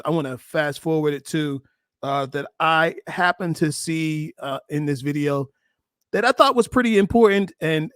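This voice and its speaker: A man's voice: a little high, dry recording, studio quality. Emphatic man commenting to his viewers. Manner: emphatic, preachy, stops and restarts often. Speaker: dating and relationship coach reacting to a clip.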